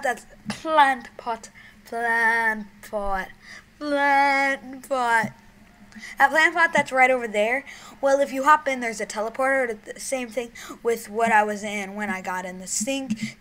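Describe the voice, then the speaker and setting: A young woman giving gameplay commentary on her own channel, excitable, shrieking and giggling, then dropping to mumbled whispers. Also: fairly high pitch, unhurried, rough recording. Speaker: gaming YouTuber.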